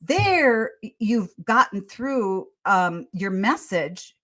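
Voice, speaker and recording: A woman's voice: mid-range voice, lively intonation, unhurried. An older woman, a pediatrician guest on a podcast, giving parenting advice in an earnest, storytelling way with frequent restarts. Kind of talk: conversational advice in a podcast interview.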